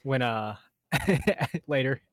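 A man's voice: medium pitch, expressive, very slow, no echo. A young man co-hosting a podcast, telling a funny story with lots of laughter. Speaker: podcast co-host. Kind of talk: casual storytelling.

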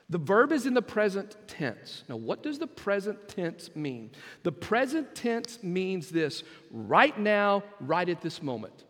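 A male pastor with a high-pitched voice preaches with emphatic force, dropping low and quiet before rising into loud bursts. His voice rings with the long reverb of a church sanctuary. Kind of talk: sermon.

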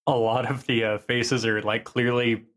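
A man co-hosting a gaming podcast, speaking over a call from a home mic. He has an ordinary mid-range pitch for a man. He talks bluntly and crudely, and he rambles with many fillers. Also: little pitch movement, normal speed, fairly bright tone. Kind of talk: casual chat.

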